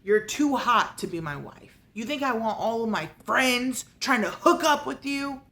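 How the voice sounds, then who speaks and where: A woman's voice: on the high side, animated, a little slow, pushed and bright, full character voice. A woman voicing a smug, possessive rich young man who talks in cocky bro slang.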